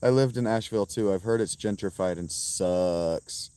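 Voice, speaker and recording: A man livestreaming outdoors and answering his chat in a profane, combative, quick-tempered way. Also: on the low side, warm tone, clear, resonant tone. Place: outdoors by a fountain.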